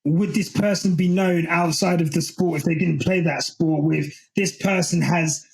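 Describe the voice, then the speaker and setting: A man's voice: a little high, fairly even intonation, normal speed, creaky, a little mellow, poor audio. A man co-hosting a podcast, talking casually in rambling stretches full of ums and easy laughter. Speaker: podcast co-host.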